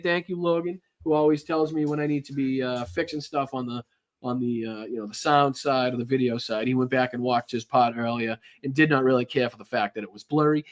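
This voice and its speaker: A man hosting a political podcast live from home, chatting loosely, swearing and thanking viewers. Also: fairly high pitch. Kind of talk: casual live-stream chat.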